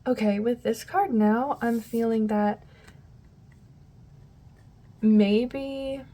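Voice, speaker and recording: A woman with a fairly high, mellow voice talks her viewers through a tarot reading in a loose, chatty way. She wanders off mid-thought, circles back, and fills the gaps with soft asides. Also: fairly even intonation, very slow. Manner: rambling, loses her train of thought, addresses viewers as "guys". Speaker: tarot reader.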